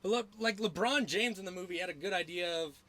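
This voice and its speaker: A man's voice: high-pitched, quick pace, sharp tone. A young man hosting a podcast in casual chat, rambling with lots of filler words, swearing and laughter. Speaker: podcast host.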